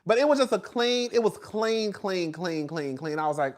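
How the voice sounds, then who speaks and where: A man's voice: sits high, expressive, moderate pace. A man hosting a casual chat with viewers in a gossipy, chatty way, calling everyone "girl" and laughing often. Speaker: host.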